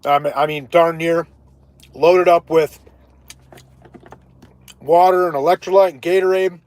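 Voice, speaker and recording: A man spins a hiking tale on his live stream, chatty and animated, breaking off now and then to greet viewers. His voice sits a little high. The sound is close and dry, with no room echo. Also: a little slow. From Ohio. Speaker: livestreaming vlogger. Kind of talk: casual live-stream storytelling.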